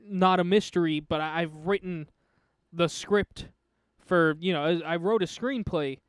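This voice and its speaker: A young man with a plain General American accent talks movies with a friend, pressing his opinions with emphatic bursts and frequent restarts. His voice sits high and sounds clean and smooth. The mic is close and dry. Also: unhurried, dry recording. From United States. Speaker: podcast co-host. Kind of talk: casual film discussion.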